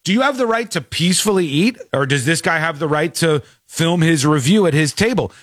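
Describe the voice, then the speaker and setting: A man's voice: fairly high pitch, animated, brisk, a bit bright, dry recording. A man hosting a talk radio show, chatting casually and laughing as he mimics people in mocking quotes. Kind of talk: casual on-air commentary.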